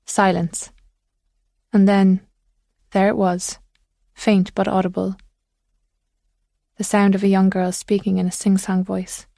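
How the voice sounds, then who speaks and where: Measured woman thriller narrator. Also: mid-range voice, level tone, gravelly, warm tone, no echo, clean studio sound. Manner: measured, suspenseful. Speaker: audiobook narrator.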